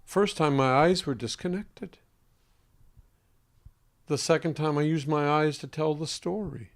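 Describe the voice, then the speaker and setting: A man who works as a voice coach answers an interviewer in a slightly high, trained singer's voice. His delivery is emphatic and measured, marked by pointed pauses.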